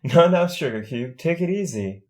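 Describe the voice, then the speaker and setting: A man's voice: sits high, moderate pace, pitched above the performer's own voice. A man doing Applejack, drawling country mare. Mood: reassuring. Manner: folksy drawl, calming. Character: country mare, big sister pony, folksy and soothing.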